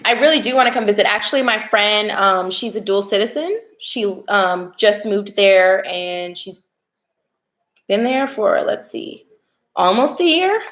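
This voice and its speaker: A young American woman reading tarot cards and chatting casually with viewers on a livestream, excitable and talkative. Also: medium pitch, measured pace, roomy sound. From United States. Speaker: tarot reader.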